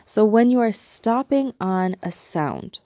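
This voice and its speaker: A woman teaching a recorded language lesson, patiently explaining step by step and repeating example words slowly. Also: mid-range voice, lively intonation, mellow, dry recording, studio quality.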